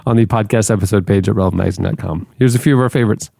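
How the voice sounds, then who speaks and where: A man's voice: fairly low pitch, very fast, vocal fry, warm tone, no echo, clean studio sound. A man hosting a podcast, upbeat and giggly as he introduces segments. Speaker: podcast host. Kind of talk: casual chat.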